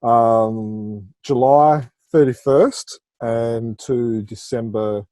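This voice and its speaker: A man co-hosting a podcast interview, going through facts in an unhurried way with pauses. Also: medium pitch, fairly even intonation, warm tone, no room sound. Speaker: podcast co-host. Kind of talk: casual interview.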